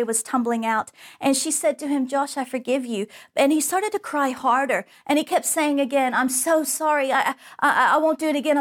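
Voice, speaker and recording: A woman preaching a sermon, telling a personal story in an earnest, storytelling way. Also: on the high side.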